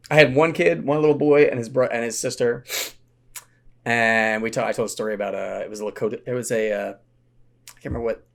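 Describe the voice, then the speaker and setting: A middle-aged man, a podcast guest, telling stories in an animated, casual way and acting out quoted voices. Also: brisk, vocal fry. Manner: animated storyteller, acts out quotes in a high voice. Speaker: podcast guest, Renaissance fair founder and educator. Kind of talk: casual storytelling chat.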